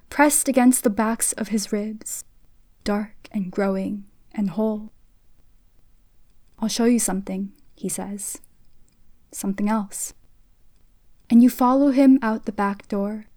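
A woman reads literary fiction in a quiet, intimate voice that is fairly high but mellow and warm. Her delivery is hushed and sometimes slips into a whisper. The recording is close and dry, with no room sound. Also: no echo. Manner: soft and hushed, dropping to a whisper at times. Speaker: reader of a short story. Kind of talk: literary reading in second person.

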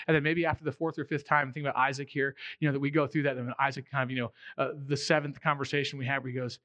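A man's voice: medium pitch, fairly even intonation, racing, few pauses, fairly bright tone, no echo, lo-fi sound. A man in his thirties or forties preaching a sermon in a conversational way, acting out the quotes he tells. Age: 30s to 40s. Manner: conversational, acts out quotes in voices. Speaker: pastor.

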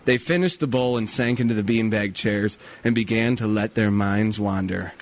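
A man's voice: lowish voice, moderate pace. A man narrating a comedy sketch in a mock-dramatic storybook manner.

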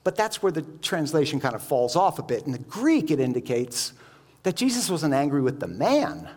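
A man's voice: on the high side, big pitch swings, normal speed, a little mellow. A man preaching a sermon. He explains each point and keeps asking the listeners rhetorical questions.

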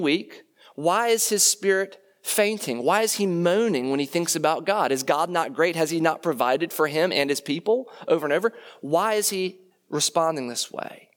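A man's voice: on the high side, moderate pace. A man preaching a sermon in a conversational way, often tagging his points with "right?" and posing rhetorical questions.

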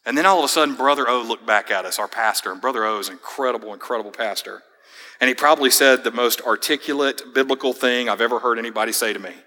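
Young male pastor, conversational storyteller, tense bright tone, long hall echo. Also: medium pitch, fast. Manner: casual, storytelling, fillers like man and dude. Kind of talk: sermon with personal story.

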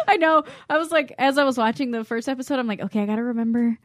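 Blunt, jokey woman with a higher voice. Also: sing-song, fast, dry recording. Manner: blunt, swears freely, jokey. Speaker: podcast co-host. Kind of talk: casual chat.

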